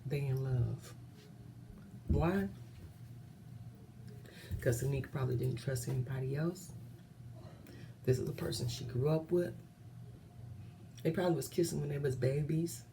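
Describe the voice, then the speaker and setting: Earnest gravelly woman vlogger. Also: extremely low pitch, steady tone, unhurried, long pauses, background noise. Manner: earnest, often drops to a hushed whisper. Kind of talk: impassioned commentary.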